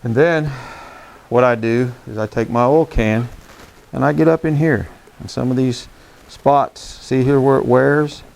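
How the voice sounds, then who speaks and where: A man's voice: medium pitch, unhurried, gravelly, darkish tone. A man demonstrating saddle care beside his horse, talking in a folksy, plain-spoken way and checking in with "okay?" as he works. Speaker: horsemanship instructor. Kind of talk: hands-on demonstration.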